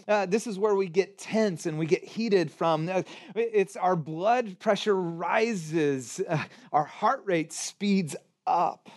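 A man preaching a sermon as pastor, animated and emphatic, using rhetorical questions and sudden bursts of emphasis. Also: sits high.

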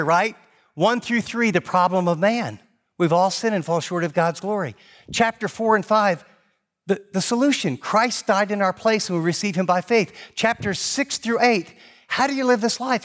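A middle-aged man delivers a sermon from the pulpit, talking fast and telling stories with animation. His voice sits a little higher than most men's. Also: a bit bright. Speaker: pastor.

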